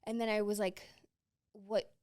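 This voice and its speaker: A woman's voice: medium pitch, little pitch movement, a little slow, darkish tone. A young woman hosting a podcast, candidly telling a personal story with many filler words and open emotion. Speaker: podcast host.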